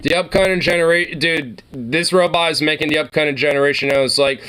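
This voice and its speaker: A man's voice: on the high side, steady tone, a little fast, bright, forceful tone, clear, resonant tone. A man streamer doing casual, rambling reaction commentary, swearing and laughing often.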